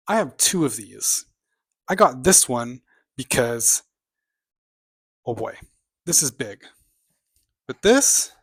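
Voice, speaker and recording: A man's voice: mid-range voice, fairly bright tone. A man vlogging casually about the books on his shelf, opinionated and rambling, with offhand asides and the odd muttered remark. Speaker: booktube vlogger.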